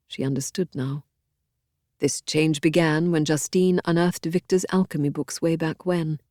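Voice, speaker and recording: Brief: audiobook narrator, woman, low and dark voice, dry close studio sound, measured and expressive. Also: no room sound. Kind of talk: scripted narration of a historical novel.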